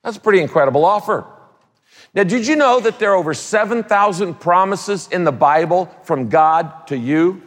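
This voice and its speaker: A man preaching a sermon as a pastor, emphatic, repeating key phrases and dropping quick casual asides. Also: high voice, lively intonation. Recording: long hall reverb.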